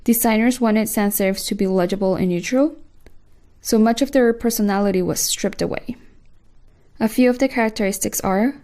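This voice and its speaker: A woman narrating a design course lesson in a measured, scripted way. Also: medium pitch, warm tone. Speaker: course instructor.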